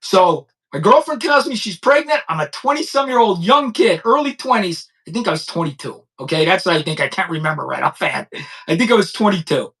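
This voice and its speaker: The crime-commentary host, a man in his fifties, speaks off the cuff with a high, expressive, fairly bright voice over poor-quality audio. He hammers his points bluntly and heatedly, repeating them, yet grows quiet and hesitant when describing a personal loss.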